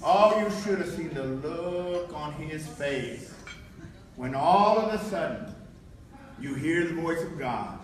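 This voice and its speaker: A man from Texas giving a motivational keynote, animated and storytelling, acting out dialogue as he goes. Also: on the high side, takes it slowly. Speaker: keynote speaker. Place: large hotel event hall. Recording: very echoey hall, voice far from mic.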